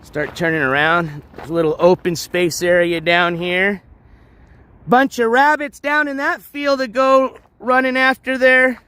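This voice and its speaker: A man with a rather high voice rambles to his live viewers while walking a trail outside. His talk is loose and chatty, packed with fillers and false starts, as if he's talking into a phone he's carrying along. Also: flat delivery, measured pace, sharp tone, clear, resonant tone. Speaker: live streamer. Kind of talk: casual walking live stream chat. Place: outdoors on a trail.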